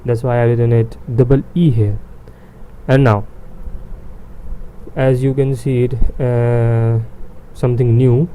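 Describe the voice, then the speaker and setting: A male teacher walks beginners through pronunciation, saying each sound two or three times. He talks very slowly with many pauses and fillers. His voice is dark and mellow. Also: medium pitch, flat delivery, a little hiss or hum, low-quality recording. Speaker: language teacher. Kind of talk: beginner language lesson.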